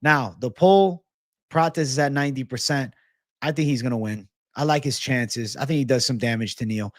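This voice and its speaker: A man's voice: medium pitch, normal speed, no echo, studio quality. A man hosting a livestream of fight picks and betting odds, brash and profane, thanking donors and urging likes. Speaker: MMA betting livestream host.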